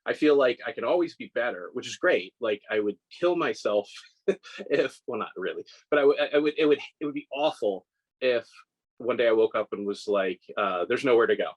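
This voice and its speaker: A man's voice: mid-range voice, expressive, fairly quick, muffled recording. A man in his forties, a scale model maker, telling stories in a casual interview with lots of restarts and self-deprecating laughs. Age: 40s.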